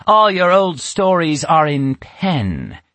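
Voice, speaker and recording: A man putting on a shrill, cruel witch. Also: very animated, slow, bright, forceful tone, no room sound, full character voice. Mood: cold, accusing. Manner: snapping, menacing, bursts into screams. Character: cruel, spiteful female witch who keeps children. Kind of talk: storybook reading.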